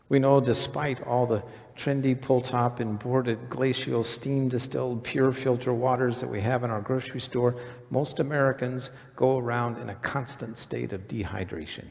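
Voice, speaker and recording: A man's voice: mid-range voice, creaky, darkish tone. A male pastor giving a conversational sermon in a church, putting questions to the congregation. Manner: conversational preaching, quizzes the congregation. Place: church sanctuary. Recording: reverberant church hall.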